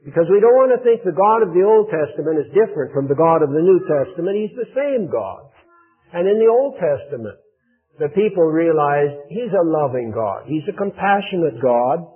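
A man preaches a slow, earnest sermon, leaning on key phrases as he reads scripture. His voice sits a little high and slightly husky. The broadcast sound is thin and phone-like. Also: very animated. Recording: tinny phone-like radio broadcast.

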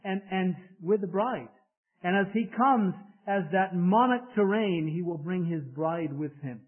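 Male pastor, sermon, emphatic swells and drops, high-pitched, tinny lo-fi recording. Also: unhurried. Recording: tinny phone-like sound.

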